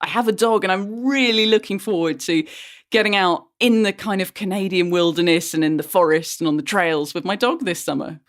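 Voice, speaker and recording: A woman's voice: on the low side, a little fast. A British woman with an easy, chatty manner, a guest in a casual podcast interview. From United Kingdom. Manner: chatty and easily amused.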